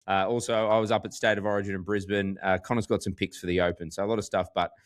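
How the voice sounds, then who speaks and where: A man with an Australian accent, co-hosting a podcast in casual chat, full of "like" and animated storytelling. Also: fairly low pitch, fast. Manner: chatty, heavy use of "like", animated storytelling. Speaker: podcast co-host.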